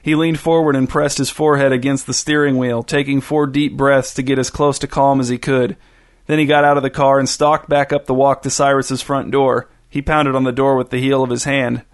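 A man narrating a story in a steady, even way. His voice sits at an ordinary middle pitch for a man, plain and unhurried.

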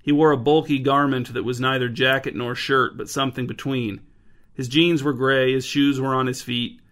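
Deadpan male storyteller. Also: medium pitch, moderate pace. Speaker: narrator. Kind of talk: scripted narration.

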